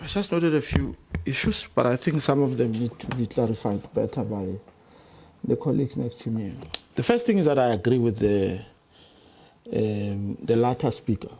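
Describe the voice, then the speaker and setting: A man, a deputy minister, gives a formal, measured reply in a parliamentary committee. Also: medium pitch, darkish tone.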